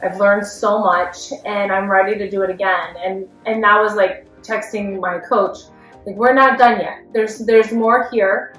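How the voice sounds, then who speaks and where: A woman's voice: medium pitch, steady tone, measured pace, fairly bright tone. A woman in her thirties, a running coach, talking candidly and heartfelt in a rambling way with lots of fillers. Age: 30s. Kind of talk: candid personal vlog. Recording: echoey room, faint music.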